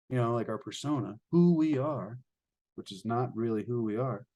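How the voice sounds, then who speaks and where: A man reading from a spiritual book and retelling a fable in a casual, rambling way, addressing listeners as ladies and gentlemen. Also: medium pitch, normal speed. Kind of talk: reading aloud with spoken commentary.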